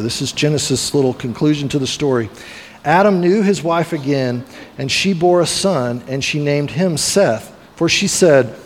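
A man with a fairly high voice preaches to his congregation, slipping into the voices of the people in the story he tells. His words ring out with a long reverb from a large church sanctuary. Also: slight background noise. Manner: storytelling, acts out voices of biblical figures. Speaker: pastor. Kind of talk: sermon.

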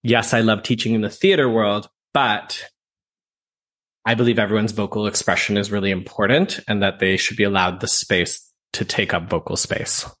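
A man from Canada, a voice teacher, talking as a guest in a conversational interview, thoughtful and expressive with many fillers. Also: on the low side, normal speed.

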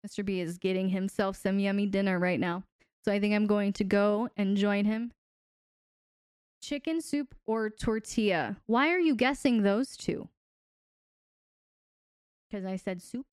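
Playful woman host with a smooth voice. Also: medium pitch, fairly even intonation, moderate pace, long pauses, a little mellow, dry recording, clean studio sound. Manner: playful and teasing, laughs often. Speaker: host and relationship coach. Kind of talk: casual live-stream sign-off answering chat.

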